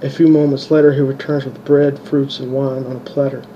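A man reading his own fantasy novel aloud as narrator, in a steady, unhurried way, on a dull home recording. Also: medium pitch, a little hiss or hum. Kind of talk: audiobook reading.

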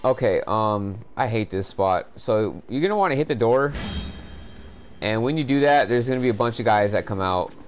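A man's voice: fairly low pitch, animated, moderate pace, soft background music. A man giving profane, frustrated commentary over a game walkthrough, ranting at the players watching. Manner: frustrated, swearing, exasperated rants. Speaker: gameplay commentator.

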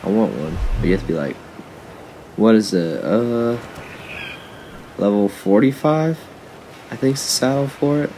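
Young man, low voice, casual gaming commentary, rambling, noisy recording. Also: lively intonation, measured pace, long pauses, dark tone. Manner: rambling, talks to viewers and animals. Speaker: gaming YouTuber.

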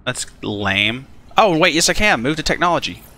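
Chatty bright-voiced male gamer. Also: on the high side, normal speed. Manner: animated, chatty, swearing, talks to game creatures. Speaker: gaming channel host. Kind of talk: casual let's play commentary.

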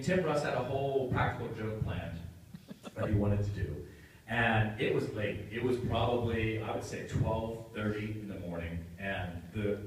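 A man's voice: fairly low pitch, darkish tone. A man on a convention panel telling a story, acting out the quotes and laughing often, recorded from far off in a convention hall. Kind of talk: animated anecdote on stage. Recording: roomy hall, distant mic, noisy.

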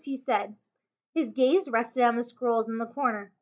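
A woman teacher reading a children's chapter book aloud, expressive, with small slips and self-corrections. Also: a little high, unhurried. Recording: dull lo-fi home recording.

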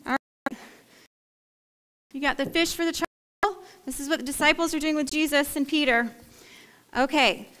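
A woman's voice: high-pitched, pushed and bright. A woman pastor leading a playful, interactive children's story, coaxing the kids to act it out. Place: church sanctuary. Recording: echoey church hall.

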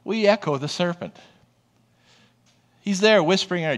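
A man's voice: high-pitched, moderate pace, long pauses. A man who is a pastor, preaching a sermon in a conversational, storytelling way and often checking in with the congregation. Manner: storytelling, animated.

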